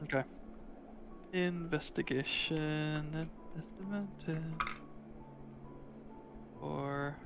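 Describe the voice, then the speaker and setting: A man playing in a tabletop game, chatting casually with quick, upbeat reactions. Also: fairly high pitch, steady tone, vocal fry, music in the background. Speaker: player.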